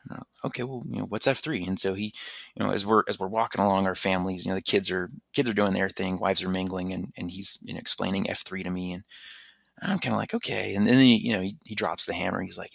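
A man in casual conversation telling a personal story, lively and animated, jumping into higher voices when he quotes people, with lots of false starts. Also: quick pace, gravelly, slightly rough, dry recording. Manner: animated, acts out quotes in raised voice, many restarts. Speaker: podcast guest telling his story.

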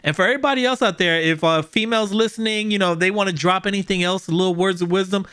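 A man's voice: sits high, fast, sharp tone, clean tone. A man hosting a casual podcast, upbeat and encouraging as he gives advice and signs off the episode. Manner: upbeat, encouraging, laughs along. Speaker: podcast host. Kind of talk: casual podcast chat and sign-off.

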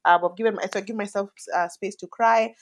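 A woman's voice: medium pitch, fairly even intonation, quick pace. Woman in her 30s chatting in an interview, open and reflective, says like a lot. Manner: candid and reflective, frequent "like" fillers. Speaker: interview guest. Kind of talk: casual conversation.

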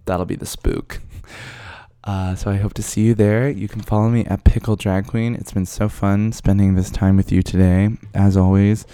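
A man's voice: fairly low pitch, flat delivery, normal speed, dark tone, clean tone, no echo, studio quality. A man hosting his own show, chatting casually on his own in a rambling, playful way with lots of fillers. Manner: chatty and rambling, many fillers, playful bursts of self-praise. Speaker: podcast host, drag performer. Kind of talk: casual solo chat.

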